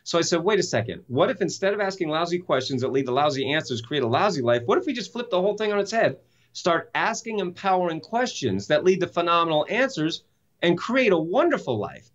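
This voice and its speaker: A man's voice: on the high side, big pitch swings, brisk, lo-fi sound. A man speaking as an interview guest, telling a story with enthusiasm and emphatic rhetorical questions. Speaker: guest, self-help author and speaker.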